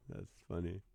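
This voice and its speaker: A man's voice: warm tone, no room sound, clean studio sound. A man hosting a live call-in comedy stream from home on his phone. He keeps laughing as he reads out viewers' joke band names. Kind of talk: casual live-stream chat reading viewer comments.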